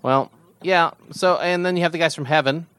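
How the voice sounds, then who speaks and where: A man's voice: fairly high pitch, normal speed, a bit bright, clear, resonant tone, dry recording. A man co-hosting a podcast, chatting casually about a TV episode, easygoing and often chiming in with short agreements. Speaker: podcast co-host. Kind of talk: casual chat recapping a TV episode.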